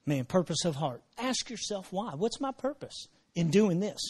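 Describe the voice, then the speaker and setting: A man preaching a sermon, repeating his phrases and dropping in praise exclamations, moving from low murmurs to shouted emphasis. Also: sing-song, moderate pace, slightly rough. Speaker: pastor.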